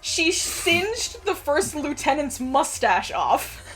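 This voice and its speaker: A woman's voice: high voice, sing-song, slow pace, over a noisy crowd. A young woman hosting a stream, chatting casually in a giggly, rambling way and swearing freely. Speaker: streamer host. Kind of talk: casual chat.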